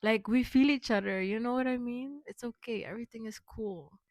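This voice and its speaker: Young woman vlogger, slightly high voice, loose rambling delivery full of fillers, dry close recording. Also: normal speed, a little mellow, dry recording. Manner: rambling, lots of fillers and restarts, affirming. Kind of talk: rambling personal vlog.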